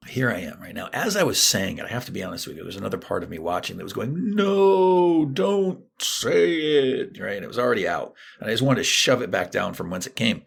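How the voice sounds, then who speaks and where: A man's voice: deep voice, racing, vocal fry, hardly any pauses, husky. A middle-aged man, a therapist and guest on a podcast, telling a personal story and acting out what people said. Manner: animated storytelling, acting out quoted lines.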